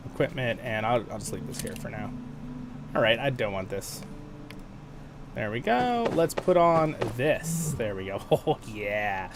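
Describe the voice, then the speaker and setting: A playful man streaming a fantasy game, chatting casually to his audience. His pitch moves around a lot as he talks. Soft game music plays faintly behind him. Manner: chatty, playful, quick to laugh. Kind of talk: casual gameplay commentary.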